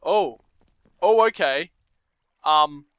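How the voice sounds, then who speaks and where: A man's voice: on the high side, lively intonation, very slow, fairly bright tone, clean tone, no echo. A young man commenting on a game, reading story text aloud with nervous asides and startled outbursts. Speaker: gameplay commentator.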